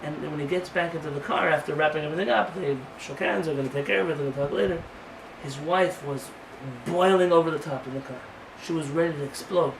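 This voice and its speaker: A male rabbi giving a sermon-style lecture, telling stories with animated acted dialogue and reading Hebrew quickly before translating it. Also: a little high, creaky. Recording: roomy sound from a distant mic, faint noise.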